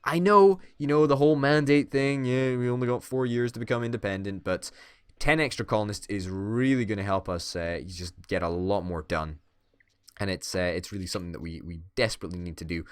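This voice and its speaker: Male gaming commentator, playful mock-villain banter, low pitch, dry mic. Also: fairly even intonation, a little fast, clear, resonant tone, no room sound. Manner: playful, swearing, mock-dictator bluster. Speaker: gaming YouTuber. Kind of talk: casual let's-play commentary.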